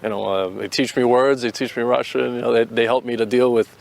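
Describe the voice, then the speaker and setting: A man's voice: medium pitch, steady tone, a little fast, gravelly. An American man answering interview questions outdoors, earnest and opinionated, often restarting his sentences. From United States. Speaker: interviewee, volunteer fighter.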